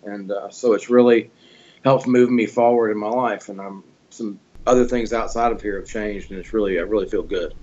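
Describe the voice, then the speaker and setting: Male interviewee with a dull, lo-fi sound, sincere and halting testimonial. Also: fairly low pitch, fairly even intonation, a little mellow. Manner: heartfelt, halting, with restarts. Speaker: gym member interviewee. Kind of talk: personal testimonial.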